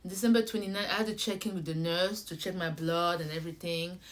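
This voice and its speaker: A young woman vlogger telling a personal story in a casual, animated way, acting out conversations and talking straight to her viewers. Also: fairly low pitch, quick pace. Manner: animated, acts out conversations, addresses viewers directly.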